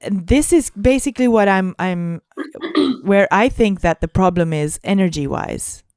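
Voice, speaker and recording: Woman co-host, smooth and dry close sound, casual musing chat. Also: medium pitch, animated, unhurried, a little mellow, no room sound. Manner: musing, searching for words. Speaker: podcast co-host.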